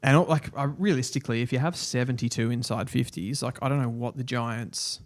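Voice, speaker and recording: A man's voice: medium pitch, fairly quick. Laid-back man chatting footy. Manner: laid-back, chatty, drops to quiet asides. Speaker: co-host of a football watchalong show. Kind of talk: casual live football chat.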